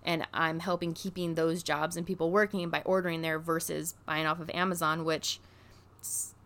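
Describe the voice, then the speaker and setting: A woman vlogger telling a story in a casual, chatty way, full of "like" fillers and excited gushing. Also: low voice, moderate pace. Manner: chatty, filler-heavy with constant "like".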